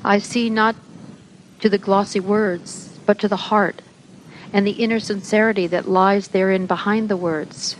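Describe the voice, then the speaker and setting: A woman reading aloud the words of God in a slow, measured, solemn way, close to her own narrating voice. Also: mid-range voice, fairly even intonation, slight background noise, natural voice, low-quality recording. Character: divine voice of God, patient and reproving.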